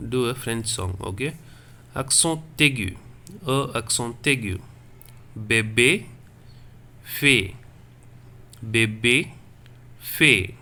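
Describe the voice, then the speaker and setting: A man teaching a French class online, explaining slowly and correcting himself as he repeats words. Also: lowish voice, gravelly, sharp tone, a little hiss or hum. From India. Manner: slow, repetitive explaining with self-corrections.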